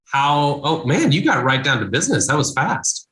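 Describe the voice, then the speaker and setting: A man's voice: a little high, very animated, normal speed, a bit bright. A male podcast host asking friendly, teasing follow-up questions in casual chat. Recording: roomy echo.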